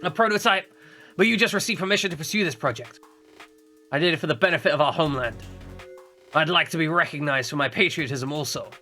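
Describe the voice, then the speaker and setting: A scheming cartoon mad scientist drawls each word slowly in a thick, overdone mock-German accent, proud and sly, as a man puts him on. His tone stays bright and edgy. A faint bed of music plays behind him. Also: a little high. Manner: slow, theatrical, overdone accent.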